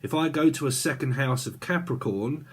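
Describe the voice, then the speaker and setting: A man reads tarot cards in a loose, chatty way, circling back and repeating himself as he goes. His voice has a husky grain, and he sits in a middle pitch for a man. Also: moderate pace. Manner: rambling and repetitive, chatty with frequent fillers. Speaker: tarot reader. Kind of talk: casual spoken tarot reading.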